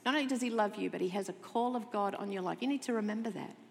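A woman pastor preaching a sermon, expressive, moving between loud emphasis and soft, intimate tones. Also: medium pitch, quick pace, gravelly, long reverb tail. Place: church sanctuary.

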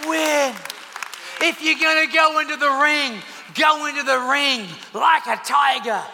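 A man's voice: very high voice, fairly even intonation, a little slow, vocal fry, bright, forceful tone, some chatter behind, a little hiss or hum, heavily acted. A man doing a bedridden woman urging a fighter on. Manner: urgent, commanding. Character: weak young woman, urging from a hospital bed. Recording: echoey hall.

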